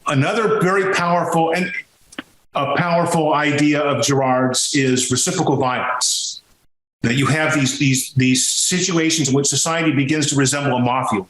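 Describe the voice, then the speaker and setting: A man being interviewed on a podcast, telling stories in a lively conversational way and jumping high in pitch when he makes a point. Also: normal speed, slight background noise. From Sicilian heritage. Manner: animated storytelling, swings into high pitch when emphatic. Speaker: podcast guest, music historian. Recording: roomy echo.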